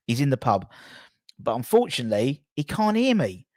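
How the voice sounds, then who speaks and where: A man hosts a casual live stream and apologises at length, circling back with restarts. His voice sits in an ordinary middle pitch, and the sound is dry and close to the mic. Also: big pitch swings, a little fast, darkish tone, no room sound. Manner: apologetic and rambling, with repeated restarts. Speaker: host.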